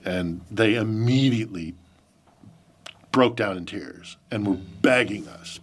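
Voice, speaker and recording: A man's voice: lowish voice, takes it slowly. A man recalling a personal story in conversation, emotional and reflective as he talks. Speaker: podcast host being interviewed.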